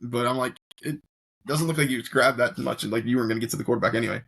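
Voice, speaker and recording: Husky man making dry asides. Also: medium pitch, racing, a bit bright. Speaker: co-host. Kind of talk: casual sports chat.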